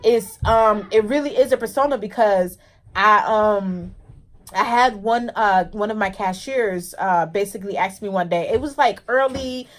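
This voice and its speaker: Animated woman in casual chat. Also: mid-range voice, moderate pace. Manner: animated, acts out workplace exchanges in quoted voices. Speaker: co-host.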